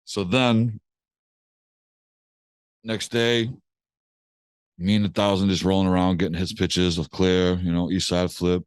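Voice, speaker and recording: A man's voice: deep voice, flat delivery, unhurried, long pauses, clean tone, no room sound. A man from Massachusetts, a music producer, telling a story in a slangy, laid-back way on a podcast. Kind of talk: casual storytelling interview.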